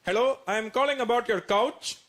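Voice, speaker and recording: A comedian on stage acting out his irritable older immigrant father, who scolds loudly and indignantly. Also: very high voice, normal speed. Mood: stiffly polite. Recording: comedy stage with roaring audience laughter.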